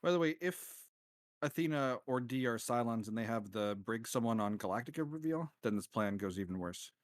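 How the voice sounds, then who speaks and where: A man's voice: mid-range voice, animated, a little fast, no room sound. A man playing a board game online, insistently pointing out rules and risks. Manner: critical, explains rules insistently. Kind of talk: casual game chat over voice call.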